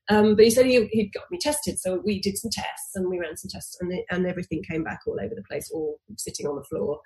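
A woman in her forties, a podcast guest telling a personal story with lively restarts and acted-out quotes. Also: medium pitch, a little fast. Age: 40s. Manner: animated, acts out quoted dialogue with restarts.

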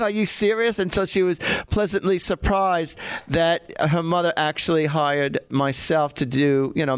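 A man's voice: fairly high pitch, smooth, dry recording. A man hosting a psychic talk radio show, telling rambling stories in a put-on English accent, full of fillers and restarts. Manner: rambling, chatty storytelling with filler words and restarts. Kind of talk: casual talk radio chat.

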